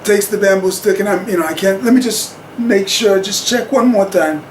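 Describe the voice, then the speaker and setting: A man's voice: sits high, normal speed, reverberant, slight background noise, poor audio. A man telling a personal story to camera in a rambling, chuckling way with plenty of fillers.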